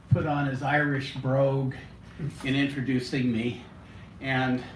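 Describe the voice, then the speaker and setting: A man at a cafe open mic with a genial, storytelling manner, greeting the room and reciting a rhyming poem. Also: slight background noise. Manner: genial, storytelling, animated pitch. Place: small cafe indoors. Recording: roomy cafe, distant mic.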